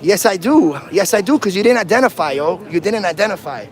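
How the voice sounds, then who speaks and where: A man with a fairly high voice livestreams from a handheld phone on a city street. He taunts and provokes in loose slang. The sound has an outdoor, open-air feel. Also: expressive, a little fast. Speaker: first amendment auditor.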